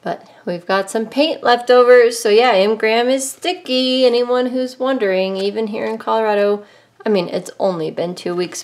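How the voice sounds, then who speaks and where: A middle-aged woman hosting a casual, chatty art tutorial from her home studio. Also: medium pitch. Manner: chatty, upbeat, shows things to camera. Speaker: art channel host. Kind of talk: casual craft tutorial vlog.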